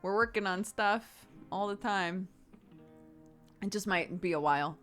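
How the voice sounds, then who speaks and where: A woman in her thirties, a streamer casually answering chat questions in a relaxed, chatty way and laughing often. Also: medium pitch, unhurried, faint music behind.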